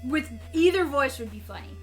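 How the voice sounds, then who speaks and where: A woman's voice: high-pitched, moderate pace, soft background music. A woman co-hosting a live game stream, chatting casually and bubbly with viewers and her co-host. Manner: bubbly, animated, laughs often and talks to chat.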